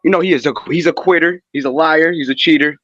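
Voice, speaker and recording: A man's voice: fairly high pitch, steady tone, fast talker, a bit bright, dry recording, muffled recording. A man calling in to a live show, speaking hesitantly and rambling. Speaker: caller. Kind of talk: call-in chat.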